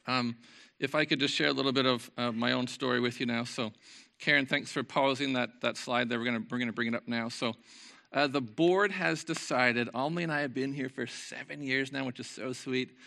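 A man preaching an informal, earnest sermon to his church, reading scripture and moving between lively talk and soft, quiet passages. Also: medium pitch, a little fast, creaky. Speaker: pastor. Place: church service.

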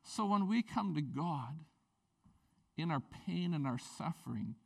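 A man with a high-pitched voice preaching a sermon in a relaxed, conversational way. He tells personal stories, his voice swinging from hushed to loud and rising sharply when he makes his point. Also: unhurried, creaky. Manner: conversational storytelling with lively swings in pitch and loudness. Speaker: pastor.

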